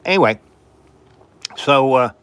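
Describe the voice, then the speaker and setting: An older man from New York City hosting a live stream, telling rambling stories and often clearing his throat. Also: medium pitch, expressive, takes it slowly, fairly bright tone. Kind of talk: rambling storytelling.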